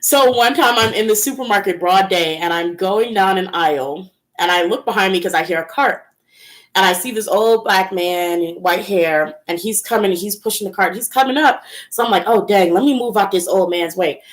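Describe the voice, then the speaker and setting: A woman's voice: medium pitch, moderate pace. A young woman hosting a casual livestream, telling personal stories in a chatty way, full of "like" and "um", with laughs between lines. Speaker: tarot channel host. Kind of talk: casual storytelling livestream chat.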